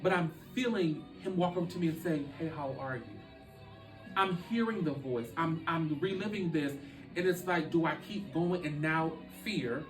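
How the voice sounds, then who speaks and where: A man telling a deeply personal story as a podcast guest, speaking earnestly with halting restarts. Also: echoey room, far from the mic, over music, rough recording.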